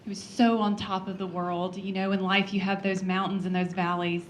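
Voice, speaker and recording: A congresswoman giving a heartfelt personal speech at a breakfast event, earnest and storytelling, with soft laughs and frequent ums. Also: medium pitch, little pitch movement, normal speed, slight background noise.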